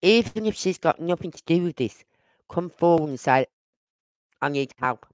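An outspoken older woman with a Brummie accent rambles through a casual livestream chat. Her voice comes through smooth and clear, with a dry, close sound and no room around it. She speaks her mind plainly and wanders from point to point. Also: on the low side, expressive, moderate pace, a little mellow, no echo. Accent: Birmingham (Brummie). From Birmingham, England. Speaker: livestream host.

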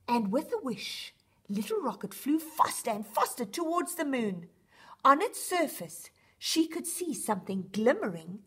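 A woman reading a picture book aloud to young children on a children's show, expressive and sing-song. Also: high-pitched, normal speed.

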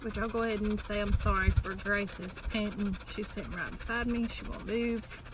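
A woman, narrating a home puppy video in an easy, slow way and coaxing the dogs. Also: fairly even intonation. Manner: slow, easy commentary, coaxing puppies in a high sing-song. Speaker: dog breeder filming puppies. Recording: noisy home video with panting dog nearby.

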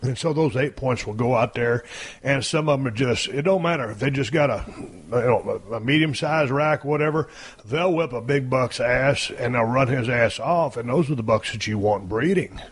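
A man's voice: mid-range voice, moderate pace, husky. A man hosting a radio show in casual chat, explaining things bluntly and with conviction, swearing freely. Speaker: radio host.

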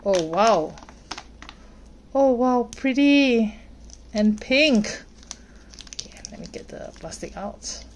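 A woman speaks slowly and softly while unboxing collectible toys, pausing to admire each one with gentle delight. Her pitch sits in an ordinary middle range, and a faint hiss lies under her voice. Plastic crinkles and clicks as she handles the packaging. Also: expressive. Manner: slow, gentle, delighted comments on each figure. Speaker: toy unboxing host. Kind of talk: unboxing narration, soft ASMR-like.

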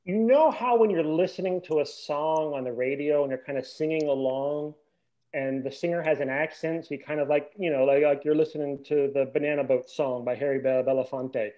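A man co-hosting a casual podcast, his voice pitched a bit high. He rants with animated indignation and trips over his own restarts. The sound is slightly dull and lo-fi. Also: fairly quick. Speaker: podcast co-host. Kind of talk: casual chat.

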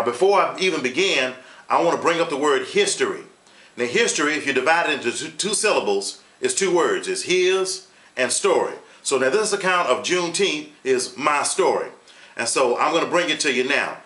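A man's voice: medium pitch, pushed and bright, roomy sound. A man hosting his own online channel, telling a history story in a casual, emphatic way and repeating points for effect. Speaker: YouTube host.

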